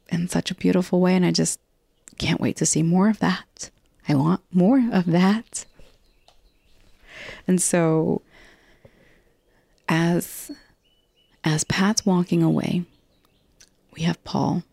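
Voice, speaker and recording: Woman, podcast host, casual rambling chat, gravelly voice, dry close sound. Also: lowish voice, slow, pauses often, mellow, dry recording. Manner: chatty and rambling, with frequent restarts and casual swearing. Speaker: podcast host recapping a TV episode.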